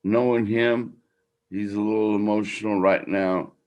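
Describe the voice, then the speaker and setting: An older man hosting a podcast, speaking slowly and with feeling. His talk is heartfelt and rambling, and his voice sits a little low. He is moved by his subject. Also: steady tone, highs cut off. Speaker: podcast host.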